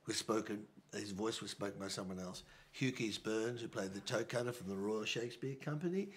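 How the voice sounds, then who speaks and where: An older Australian film director answering interview questions in a reflective, halting way, restarting and repeating words often. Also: male voice, lowish voice.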